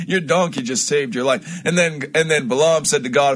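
A man giving an informal Bible teaching on his own stream, telling the story in an emphatic, animated way with frequent restarts and asides. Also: medium pitch, normal speed.

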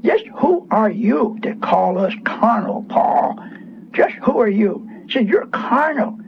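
A man's voice: sits high, big pitch swings, takes it slowly, vocal fry. A man preaching a radio sermon, fervent and scolding, repeating phrases for emphasis. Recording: muffled radio broadcast with faint hiss.

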